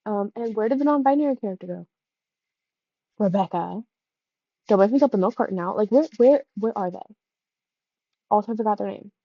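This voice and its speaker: Gravelly woman in a dull, dry recording. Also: mid-range voice, brisk, long pauses, no room sound. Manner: self-mocking, blunt. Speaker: book reviewer. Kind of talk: casual vlog aside.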